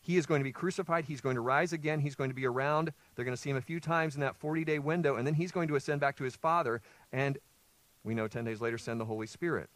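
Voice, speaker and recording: A man's voice: mid-range voice, fast, a bit bright, no room sound. A male pastor preaching a sermon. He reads scripture aloud, explains it, and puts questions to the listeners before answering them himself.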